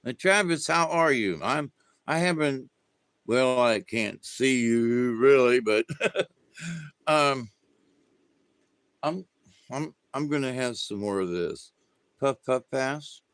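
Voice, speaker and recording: A man's voice: medium pitch, animated, slow, pauses often, fairly bright tone, clear, resonant tone, no echo. A man hosting a livestream, telling a rambling story in a meandering way, chuckling and restarting his sentences. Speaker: livestream host. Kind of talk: rambling casual chat.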